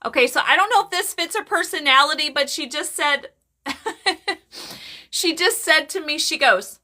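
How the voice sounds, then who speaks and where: Bright high-voiced chatty woman medium. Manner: chatty and animated, laughs often, quick asides to chat. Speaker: psychic medium doing live readings. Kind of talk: live-stream casual chat with viewers.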